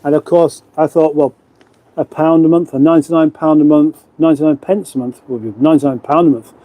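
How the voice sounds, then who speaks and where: A middle-aged Englishman hosts a casual livestream from his lockup garage, sitting in front of a fridge, chatting and reading viewer comments with self-mocking, rambling asides. His voice is a little high, steady, warm, and fairly quick, and the recording is dry.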